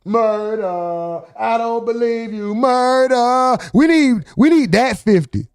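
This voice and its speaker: A male host giving casual commentary on rap news, loud and profane, heckling and reacting in bursts. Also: very high voice, lively intonation, normal speed, creaky, smooth, no room sound, clean studio sound.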